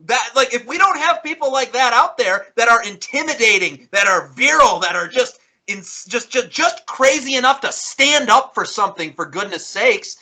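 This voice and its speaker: Male podcast co-host, bright, animated, restarts often. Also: very high-pitched, moderate pace, low-quality recording. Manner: animated, building up intensity, restarts. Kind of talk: podcast discussion.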